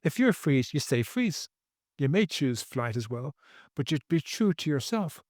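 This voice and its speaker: A man's voice: a little high, sing-song, a little slow, darkish tone, no room sound, studio quality. A man speaking as a podcast guest, earnest and preachy, repeating phrases for emphasis. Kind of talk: podcast interview.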